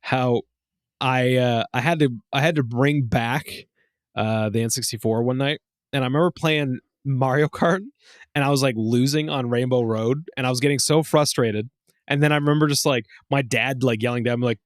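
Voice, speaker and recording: A man in his thirties co-hosting a casual podcast, telling stories with lots of swearing and acting out quotes in a high voice. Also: moderate pace, no room sound, studio quality. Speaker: podcast co-host. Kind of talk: casual chat.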